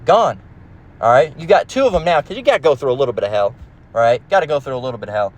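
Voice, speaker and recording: A man's voice: mid-range voice, expressive, racing. A man preaching in a casual, emphatic, profane manner, reading scripture and rambling with restarts, recorded in a car. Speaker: religious teacher.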